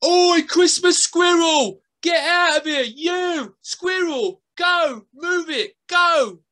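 A woman voicing a blunt young boy who shouts urgent warnings in a told story. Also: very high voice, takes it slowly, pitched above the performer's own voice, exaggerated voice. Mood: shouting.

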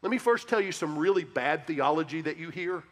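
A man's voice: a little high, expressive, brisk, fairly bright tone. A male pastor giving an earnest, emphatic answer to a congregation's question in a church sanctuary. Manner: earnest, emphatic preaching, speaks straight to the congregation. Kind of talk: sermon-style Q&A answer. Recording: long church-hall reverb.

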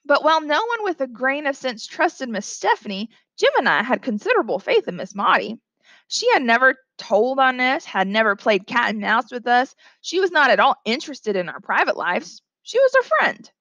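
Lively woman teacher reading aloud. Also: moderate pace, dry recording. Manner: reads dialogue with lively pitch jumps, stops to explain. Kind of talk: classroom read-aloud with commentary.

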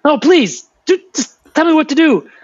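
Man voicing a raven, frantic, pleading, very high, dull lo-fi sound. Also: sing-song, moderate pace.

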